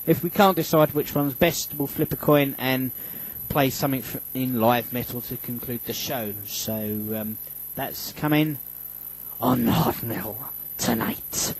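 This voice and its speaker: This man has a medium-pitched voice at a measured pace, heard in a low-quality recording. Hosting a casual radio show at a studio microphone, he rambles with many fillers and restarts, making self-deprecating jokes.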